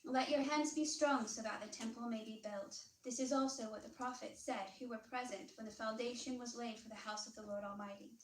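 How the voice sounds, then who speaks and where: A woman with a Southern American accent reads scripture in a measured, formal way. Her fairly high voice comes from a distance and echoes through a church room, over a faint hiss. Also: fairly even intonation. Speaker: scripture reader. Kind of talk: reading scripture aloud.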